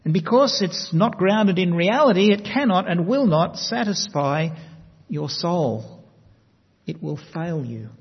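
Guy giving a sermon, kinda husky voice, slow emphatic phrasing, echoey hall. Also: sits high, animated. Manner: measured, emphatic delivery with slow stressed phrases. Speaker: preacher. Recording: long reverb, dull lo-fi sound.

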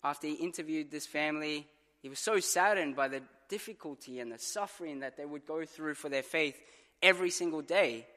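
A man's voice: fairly high pitch, brisk, bright, forceful tone. Earnest male pastor in a reverberant church. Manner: earnest storytelling with dramatized quotes. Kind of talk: sermon.

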